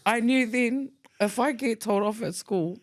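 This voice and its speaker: A woman, co-hosting a podcast, telling school stories in a casual, lively way, acting out quoted voices and mixing in Tongan words. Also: a little high, slow. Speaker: podcast co-host. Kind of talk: casual storytelling chat.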